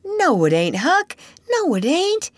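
Woman reading as a bold boy adventurer, high and eager, lively swings in pitch, dry sound. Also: slow, no echo, heavily acted. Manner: eager, excited, folksy dialect. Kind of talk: audiobook character reading.

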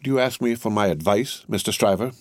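A man's voice: fairly low pitch, brisk, no echo, pitched above the performer's own voice, lightly acted. A man voicing a mild, fussy older bank clerk who speaks politely, hesitating and stammering.

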